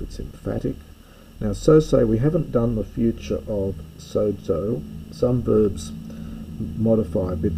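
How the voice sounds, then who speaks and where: A man teaches a language lesson at a deliberate, unhurried pace, working through each phrase and thinking aloud. His voice is low, gravelly and very dark, with a husky edge. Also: a little hiss or hum, low-quality recording. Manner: slow, explanatory, thinking aloud. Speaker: Greek teacher. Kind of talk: recorded lesson walkthrough.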